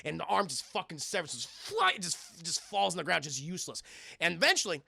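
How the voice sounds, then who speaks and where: A young man reviewing a film with his live chat, casual and profane, acting out lines loudly. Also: on the high side, fairly quick, creaky, husky, dry recording, studio quality. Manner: profane, animated, acts out quotes loudly.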